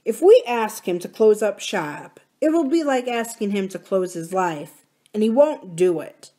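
Lady reading a practical businessman brother, matter-of-fact, middle pitch. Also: expressive, a little slow, mellow.

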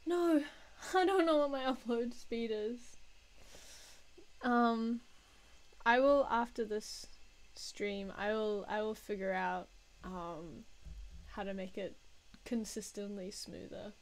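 Joking woman chatting slowly while drawing. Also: on the high side, low-quality recording. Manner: self-mocking, joking, laughs often. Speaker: artist live-streaming her drawing. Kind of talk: casual live-stream chat while drawing.

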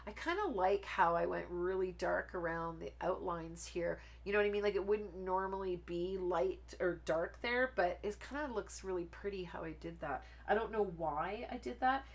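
A woman hosting a card making live stream, chatting in a rambling, friendly way and laughing often while she works. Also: lowish voice. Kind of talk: casual live stream chat while crafting.

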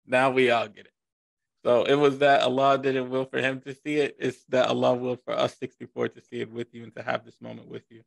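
Man, gravelly, dry close sound, informal, repeats phrases, online class host. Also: mid-range voice, flat delivery, brisk, no echo. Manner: informal, joking, repeats himself. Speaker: class instructor. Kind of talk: casual teaching on a video call.

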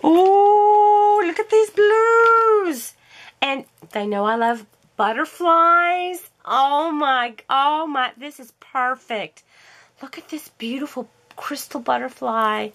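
A woman's voice: high-pitched, a bit bright. A woman gushing and gasping with delight as she unboxes a craft haul for her vlog. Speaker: crafting vlogger.

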